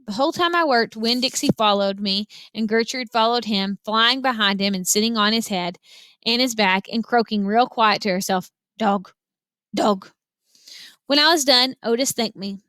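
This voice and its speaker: A woman reading a children's novel aloud with lively, expressive storytelling. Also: on the high side, no room sound. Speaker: reader.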